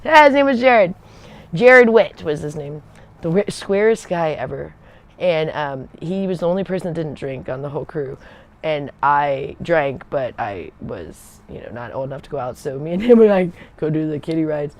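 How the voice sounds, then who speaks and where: A woman's voice: sits low, expressive, moderate pace. A woman telling casual stories from her service days on a livestream, rambling and digressive, losing her thread and laughing often. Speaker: Air Force veteran telling stories on a livestream. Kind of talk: casual storytelling.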